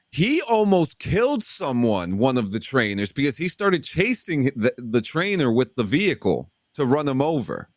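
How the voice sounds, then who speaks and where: A man telling a story loosely on a podcast, and his pitch swings widely as he goes. He swears freely and acts out the characters he quotes. The sound is dry and close, with no room echo. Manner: animated, profane, acts out shouted quotes. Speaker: podcast host. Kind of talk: casual storytelling chat.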